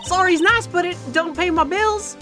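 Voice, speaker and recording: A woman voicing a loud, scolding Southern woman in a video game, with a put-on Southern drawl. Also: very high voice, normal speed, soft background music, voice pushed up. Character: loud Southern woman camera-minding campsite grump.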